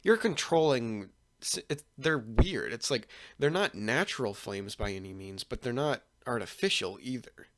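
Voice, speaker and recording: A man's voice: mid-range voice, lively intonation, fairly bright tone, dry recording. A hesitant, puzzled ninja teacher, as a man puts him on. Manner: hesitant, halting. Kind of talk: casual fan story retelling.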